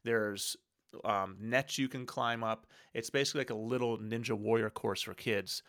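A man's voice: lowish voice, steady tone, moderate pace, a bit bright. A man in his thirties hosting a solo podcast, talking in an earnest, conversational way about family life. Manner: earnest, conversational, with quoted inner thoughts. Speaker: podcast host. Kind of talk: casual solo podcast talk.

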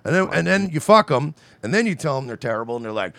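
A gravelly man co-hosting a crude podcast, scornful and blunt. He slips into mocking impressions of other people. His pitch rises and falls freely, and he sounds close and dry. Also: sing-song, quick pace, fairly bright tone, dry recording. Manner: blunt, scornful, acts out mock quotes. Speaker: podcast co-host. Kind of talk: crude casual banter.

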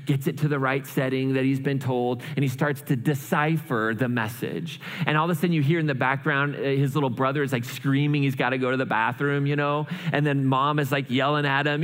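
A man preaches in a loose, storytelling way, pausing often to check in with "right?". His voice sits a little high for a man, and the sound carries the long reverb of a large hall. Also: steady tone, a bit bright. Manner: storytelling, frequent rhetorical "right?" asides. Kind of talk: conversational sermon.

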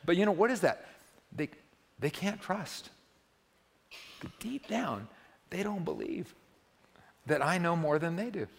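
A man's voice: high-pitched, expressive, unhurried, gravelly, pauses often, slight background noise. A man in his sixties preaching a conversational sermon as pastor, often adding "right?" and building to emphatic peaks. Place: church sanctuary. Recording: long reverb of a church hall.

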